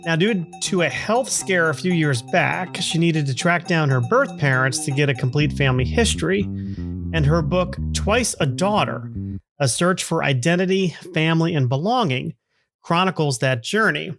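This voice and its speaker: A man's voice: fairly high pitch, lively intonation, normal speed, fairly bright tone, faint music behind. A middle-aged man hosting a podcast, telling a story from his childhood in a chatty way with frequent chuckles and fillers. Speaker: podcast host. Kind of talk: casual storytelling monologue.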